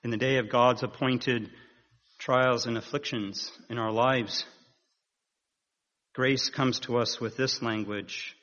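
A man preaches in an unhurried, earnest manner, pressing his points with rising emphasis. His voice sits in a middling register and carries a long reverberation. The recording sounds somewhat dull and muffled. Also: medium pitch, steady tone, fairly bright tone. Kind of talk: sermon.

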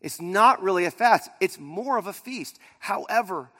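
High-voiced preaching man in a reverberant hall. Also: expressive, normal speed. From Pittsburgh area. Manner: dynamic preaching, swings from loud emphasis to near-quiet. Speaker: pastor. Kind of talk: sermon.

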